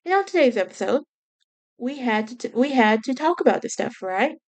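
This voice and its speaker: A woman's voice: on the high side, expressive, brisk. A woman with a Southern US accent, hosting a podcast and chatting about a haunted house with a casual, self-correcting manner. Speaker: podcast host.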